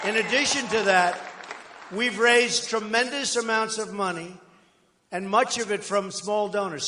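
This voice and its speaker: An older man giving a rambling, boastful campaign rally speech, conversational with sudden loud bursts. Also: high voice, normal speed. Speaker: political candidate at a rally. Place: large outdoor rally crowd. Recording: echoey rally PA with crowd ambience.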